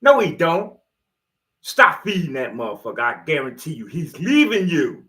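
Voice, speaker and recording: Animated, preachy man with a lively voice. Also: a little high, moderate pace. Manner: animated, preachy, swears and jokes freely; slangy, street-style talk. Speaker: motivational video host. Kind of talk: rambling motivational monologue.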